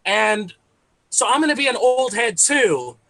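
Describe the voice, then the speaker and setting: A man's voice: very high-pitched, lively intonation, a little slow, sharp tone, dry recording, low-quality recording. A man in his thirties from Texas doing a conversational stand-up set, laughing at his own jokes. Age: 30s. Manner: conversational, with fillers and self-amused laughs. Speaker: stand-up comedian.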